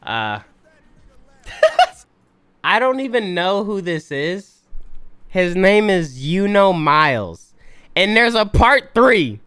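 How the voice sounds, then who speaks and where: A man's voice: sits high, sing-song, takes it slowly, pauses often, bright, forceful tone, clean tone, no room sound. A man doing casual reaction commentary, incredulous and stumbling over his restarts. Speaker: reaction streamer.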